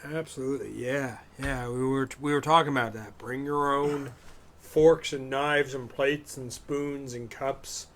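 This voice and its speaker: A man's voice: mid-range voice, measured pace. A man co-hosting a live stream show, telling a rambling story in a casual, profane way. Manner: loose, profane, animated storytelling. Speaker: podcast co-host.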